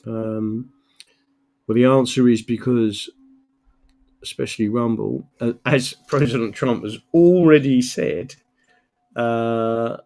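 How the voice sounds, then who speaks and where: A man's voice: medium pitch, slow pace, pauses often, a little mellow. A tired man from England hosting a casual livestream, greeting viewers by name and rambling with many fillers. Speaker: livestream host. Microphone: computer mic, camera off.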